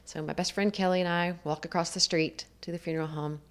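This woman is a fast talker with a low-leaning voice, fairly even intonation and a clean tone. As a guest, she earnestly relates her life story in conversation, reflecting along the way and acting out quoted dialogue from others.

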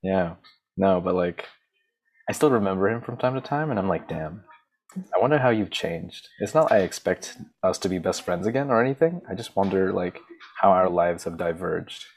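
A man's voice: sits low, expressive, moderate pace, a little mellow. A young man from Australia with a slightly American accent, co-hosting a podcast in a chatty, jokey storytelling way. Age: young adult. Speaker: podcast co-host. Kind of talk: casual chat.

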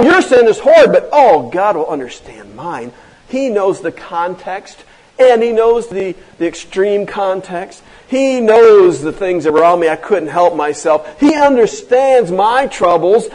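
Emphatic male pastor, high-pitched, rhetorical sermon delivery. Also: a little mellow, rough recording. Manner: emphatic preaching, many rhetorical questions.

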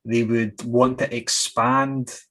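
A man co-hosting a casual podcast chat, telling swearing, animated stories and acting out quoted voices. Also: mid-range voice, slow. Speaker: podcast co-host.

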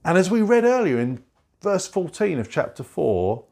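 A male pastor delivers a sermon, his slightly high voice swinging widely in pitch. He stresses and repeats key phrases, slowing and dropping low whenever he quotes scripture. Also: sing-song, creaky, a little mellow.

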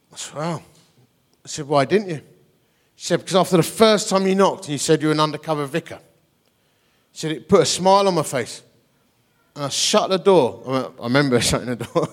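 A middle-aged man preaching a storytelling sermon, animated and self-deprecating, acting out the voices in his story. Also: fairly high pitch, a little fast, pauses often. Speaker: guest preacher.

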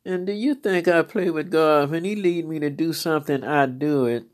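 A woman's voice: low voice, normal speed. A woman minister telling stories from church life in a fervent, storytelling testimony, exclaiming praise now and then.

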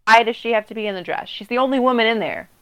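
A woman co-hosting a podcast, talking about a film in an animated, emphatic and profane way. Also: on the high side, very fast, poor audio. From United States. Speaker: podcast co-host. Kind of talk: casual film discussion.

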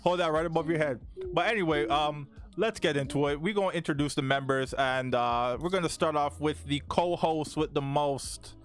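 A man's voice: on the high side, moderate pace, few pauses, smooth, faint music behind. A young man hosting a casual podcast, joking in slang and laughing often. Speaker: podcast host.

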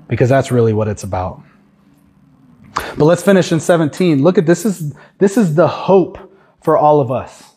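Husky, high-voiced male preacher. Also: normal speed, darkish tone. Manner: earnest, emphatic, rhetorical questions to the congregation. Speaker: guest preacher. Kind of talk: sermon. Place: church.

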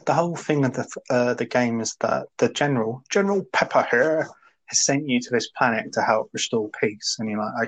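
A man ranting in casual podcast chat, animated and laughing as he mocks a game. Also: medium pitch, normal speed, low-quality recording. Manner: ranting, animated, laughs a lot, mock voices. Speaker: podcast co-host.

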